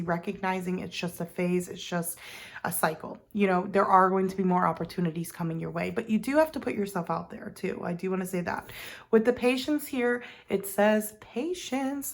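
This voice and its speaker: A woman's voice: lowish voice, vocal fry. A woman giving a casual tarot card reading, chatty and meandering, with many ums and self-corrections. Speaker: tarot reader.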